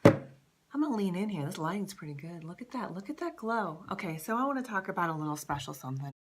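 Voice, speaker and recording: A woman in her thirties talking straight to camera in a casual vlog as a life coach, animated and profane, peppering her talk with "like". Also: on the low side, fast, very noisy. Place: Southern California.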